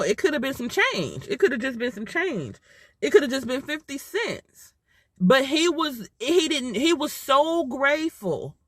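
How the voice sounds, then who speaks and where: A woman recounts a personal story to her viewers in a casual, emotional way, circling back to the same points for emphasis. Her voice sits a little high and swings widely in pitch. The sound is close and dry. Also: fairly bright tone, husky, dry recording. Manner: emotional, heartfelt, repetitive. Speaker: mother telling a personal story.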